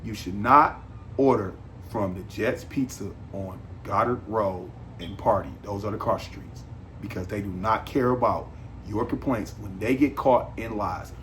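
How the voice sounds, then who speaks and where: A man's voice: lowish voice, unhurried, a bit bright, a little hiss or hum. A man hosting a podcast, delivering a casual monologue in an emphatic, repetitive, rambling way. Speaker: podcast host.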